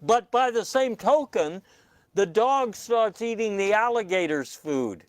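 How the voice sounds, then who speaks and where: A man hosting a comic news panel with a dry, deadpan delivery and hesitant fillers. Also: high-pitched, unhurried, no echo. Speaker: comedy news host.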